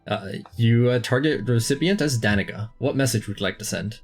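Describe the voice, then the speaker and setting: A man running a tabletop game as dungeon master, talking in a relaxed, rambling way with many fillers. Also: mid-range voice, brisk, soft background music.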